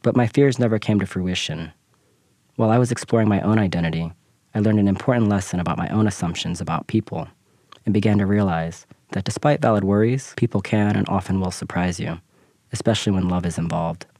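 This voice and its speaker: Deep-voiced man reading a personal essay. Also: mellow, no echo. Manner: measured, reflective. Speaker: essay narrator. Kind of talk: scripted personal essay narration.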